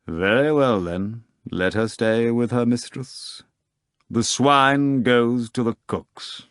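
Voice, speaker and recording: A man voicing a suave, commanding devil who speaks courteously and gravely. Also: mid-range voice, slow pace, dry recording, studio quality, lightly acted. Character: suave devilish male magician, calm and commanding.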